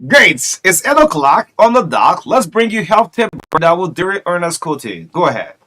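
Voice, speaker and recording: A man hosting a breakfast show, excitable and stammering on restarts. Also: sits high, normal speed. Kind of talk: lively radio banter.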